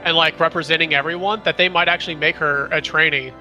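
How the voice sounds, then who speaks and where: Man in his 20s, sharp bright voice, dry jokes, loose gamer banter. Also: a little high, steady tone, fast talker, muffled recording, soft background music. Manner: wry, joking, rambling with fillers. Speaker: gamer streaming with a friend. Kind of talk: casual gaming chat.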